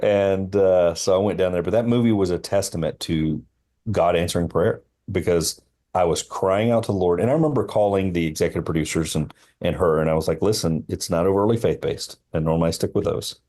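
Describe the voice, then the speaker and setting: A man, a film line producer, telling a personal story as a podcast guest in an earnest, halting way with many fillers and restarts. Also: low voice, warm tone.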